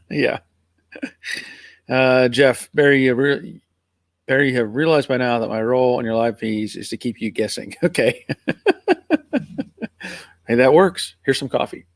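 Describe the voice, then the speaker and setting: Reading comments from his live viewers, a middle-aged American streamer from Pennsylvania rambles in a relaxed, friendly way at normal speed. He has an ordinary male pitch and an accent between Northern and Southern US. The recording is close and dry, free of room echo.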